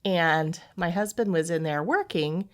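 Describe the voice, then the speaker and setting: A woman's voice: lowish voice, a little slow. A woman telling a funny story in casual chat, laughing often and acting out what her husband said. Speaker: podcast co-host telling a story.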